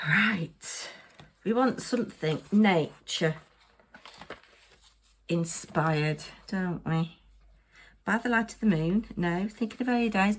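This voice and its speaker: A woman's voice: medium pitch, breathy edge. Tired, chatty woman crafting at her desk. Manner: muttering to herself, playful asides.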